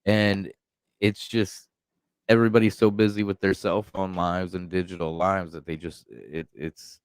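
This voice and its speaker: A man hosting a podcast, chiming in with quick agreement and talking through hesitant fillers. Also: low voice, steady tone, smooth, no echo. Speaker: podcast host. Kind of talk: casual podcast chat.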